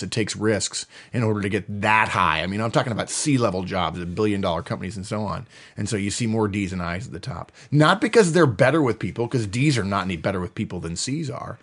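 A middle-aged man hosting a podcast, explaining in a casual, animated way and acting out quoted voices. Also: fairly low pitch. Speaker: podcast host.

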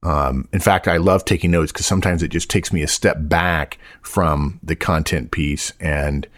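A man's voice: rumbling low, steady tone, normal speed, fairly bright tone, no room sound, clean studio sound. A man co-hosting a podcast, talking bluntly and emphatically, repeating his points for effect. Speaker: podcast co-host. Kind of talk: casual podcast chat.

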